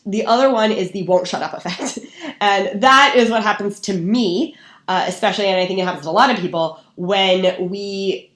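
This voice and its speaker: A woman on a podcast who talks sales in a relaxed, chatty way, sometimes acting out over-the-top quotes. Her voice sits in a middle range. The recording has a roomy echo. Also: mid-range voice. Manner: lively, acts out gushing quotes. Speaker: guest sales and marketing expert. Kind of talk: casual podcast chat.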